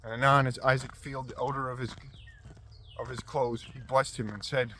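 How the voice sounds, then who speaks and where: A man reading scripture aloud at a measured pace, with occasional stumbles and restarts. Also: medium pitch, little pitch movement, pushed and bright, slight background noise. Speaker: scripture reader.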